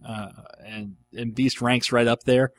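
A middle-aged man chatting casually as a show host, taking listener questions. He rambles with enthusiasm and fills his pauses with ums and uhs. His voice sits in an ordinary pitch, and the recording is close and dry. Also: flat delivery, no echo. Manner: rambling and enthusiastic, with frequent fillers. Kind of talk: casual chat.

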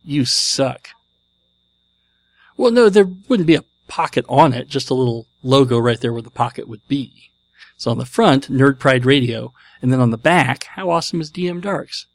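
A man's voice: mid-range voice, animated, moderate pace, dry recording. A man hosting his podcast, talking casually with a jokey, self-deprecating manner. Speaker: podcast host.

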